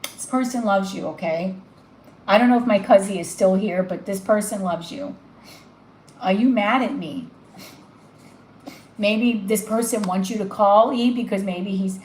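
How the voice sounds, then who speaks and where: A woman's voice: mid-range voice, reverberant, a little hiss or hum, low-quality recording. A woman giving a live tarot reading, gushing and emotional as she talks straight to the viewer. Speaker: tarot reader.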